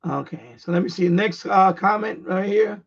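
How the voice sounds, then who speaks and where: A high male voice with vocal fry holds a steady tone at a moderate pace. The speaker, a radio hobbyist streaming live, was born in Puerto Rico and grew up in the Bronx, and talks casually and bluntly in a New York accent, rambling and repeating himself. The recording is dull and lo-fi.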